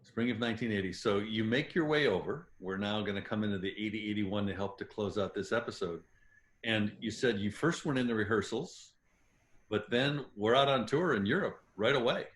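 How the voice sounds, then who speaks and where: A man's voice: fairly low pitch, fairly quick. A man hosting a podcast interview with brief interjections and recaps. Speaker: interview host. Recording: roomy echo, faint hiss.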